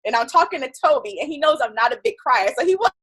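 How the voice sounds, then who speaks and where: A woman guest on an interview show, telling her story in a chatty, animated way and acting out what others said. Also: high-pitched, quick pace. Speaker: guest entrepreneur.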